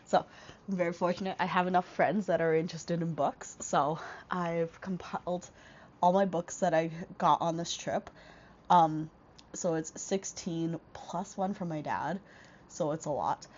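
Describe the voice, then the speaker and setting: This fairly low-pitched, slightly slow voice belongs to a young woman vlogging a casual book haul while stuffed up from a cold. She rambles with frequent fillers and restarts, and her small wireless clip-on mic yields a lo-fi sound.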